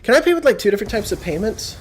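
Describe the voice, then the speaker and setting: Man mimicking a dithering shopper woman, high squeaky pitch, hesitant sing-song, slightly louder. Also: very animated, rapid-fire, a little hiss or hum. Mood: airy, oblivious. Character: fussy female shopper, oblivious and slow.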